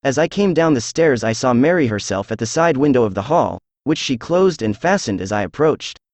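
A synthesized male voice narrates a classic story in a steady, measured way. His pitch is middling and the sound is dry and close, with no room around it. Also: no echo. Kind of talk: audiobook narration.

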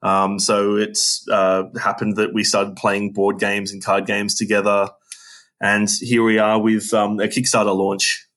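A man's voice: lowish voice, monotone, unhurried, fairly bright tone. An Australian man, a guest game designer, chatting casually in an interview with many ums and restarts.

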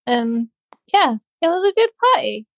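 A woman's voice: fairly high pitch, big pitch swings, measured pace, vocal fry, a bit bright, no echo. A young woman co-hosting a casual chat show, rambling through stories with frequent laughs. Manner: chatty, laughs often, rambling asides. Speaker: podcast co-host.

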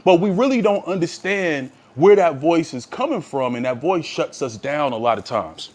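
Emphatic higher-voiced man saying "bro". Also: expressive, normal speed, a little mellow. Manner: emphatic, punchy, ends lines with bro. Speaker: podcast co-host. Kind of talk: casual podcast conversation.

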